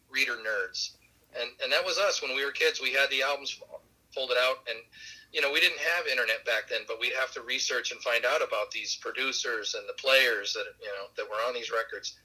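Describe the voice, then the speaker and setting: A musician being interviewed on a podcast, telling relaxed stories with many fillers and light laughs. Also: male voice, mid-range voice, rough recording. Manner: warm anecdotal, laughs along, many fillers. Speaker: musician guest.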